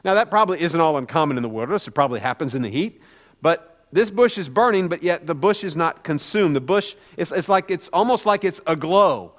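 A man's voice: a little high, lively intonation, brisk, big-room sound. A man preaching a conversational sermon as a pastor, telling a story informally with many "kind of" hedges.

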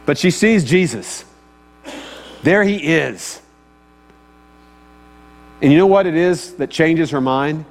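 A man's voice: a little high, expressive, slow, long pauses. A man preaching a sermon in a conversational way, often asking his listeners questions. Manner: conversational, asks the audience questions. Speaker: pastor. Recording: long hall reverb, faint mains hum.

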